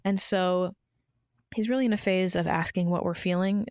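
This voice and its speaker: A mother co-hosting a podcast, speaking casually and telling everyday stories with a relaxed, chatty manner. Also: lowish voice, moderate pace, dry recording, studio quality. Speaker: podcast co-host.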